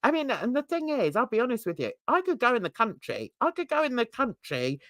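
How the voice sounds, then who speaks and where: An older woman from England hosting a casual livestream chat, laughing a lot and jumping into excited high squeals. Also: fairly quick, dry recording, studio quality. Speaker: host. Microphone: video call.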